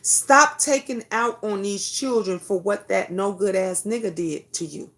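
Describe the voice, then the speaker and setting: A woman's voice: mid-range voice, a little slow, fairly bright tone. A middle-aged woman hosting a talk show, giving an emotional, profane and preachy monologue. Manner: preachy, lecturing. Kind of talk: impassioned monologue.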